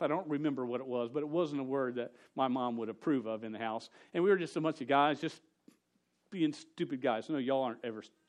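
A man preaching a casual sermon to a youth group. He tells a story with jokes and quick asides. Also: medium pitch. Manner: storytelling, joking, rapid asides.

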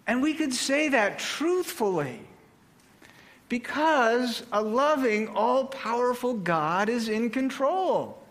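Male pastor, sermon delivery, unhurried and measured, higher register. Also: animated, fairly bright tone. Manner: slow, deliberate delivery with measured pauses. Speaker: preacher.

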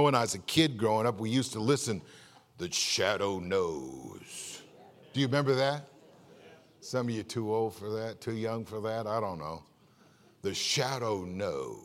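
A man pastor preaching a sermon, telling a joke-filled story in a lively way and often repeating words. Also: mid-range voice, big-room sound. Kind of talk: sermon with jokes. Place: church.

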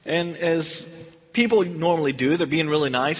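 A man teaches a verse-by-verse Bible study in a conversational way, acting out the people in the stories and voicing their dialogue in quotes. His voice is fairly high and slightly rough, at normal speed, with a long reverb tail.

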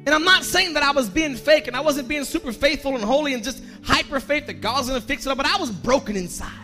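A man preaching a sermon as pastor, emotional and personal, building to a shouted climax with repeated lines. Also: extremely high pitch, fast, faint music behind.

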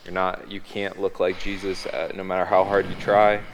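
A man's voice: sits low, little pitch movement, moderate pace, noisy background. A man sharing a personal faith testimony as a guest, hesitant, with frequent ums and restarts, speaking on a stage. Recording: long hall reverb.

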